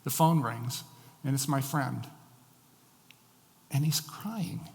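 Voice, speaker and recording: Pastor preaching in a reverberant hall. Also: male voice, medium pitch, slow, creaky. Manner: storytelling, varied emphasis. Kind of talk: sermon.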